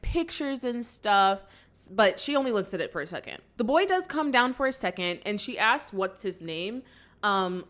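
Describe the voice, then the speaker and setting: A woman's voice: medium pitch, fairly bright tone. A woman hosting a movie reaction channel, recapping a film in a chatty way, acting out quoted lines and using lots of fillers. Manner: chatty storytelling with acted-out quotes and many "like" fillers.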